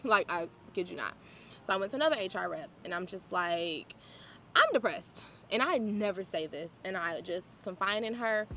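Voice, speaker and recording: Animated woman telling her story. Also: medium pitch. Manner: candid, animated storytelling with laughter. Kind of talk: personal testimony talk.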